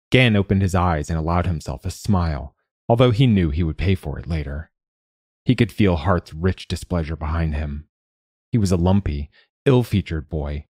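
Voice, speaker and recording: A male narrator with a very low, dark voice reads a fiction story. He is measured and even, and the sound is dry and close. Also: dry recording.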